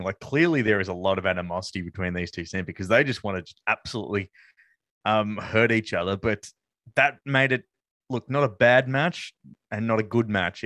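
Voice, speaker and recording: A man's voice: fairly low pitch, fairly bright tone, no room sound. Dry-voiced man, rambling chat. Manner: rambling, amused, many fillers. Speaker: wrestling podcast co-host. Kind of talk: casual review chat.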